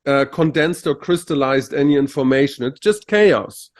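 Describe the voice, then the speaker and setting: A man's voice: medium pitch, moderate pace. Searching, filler-heavy male co-host. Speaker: podcast co-host. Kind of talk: casual philosophical conversation.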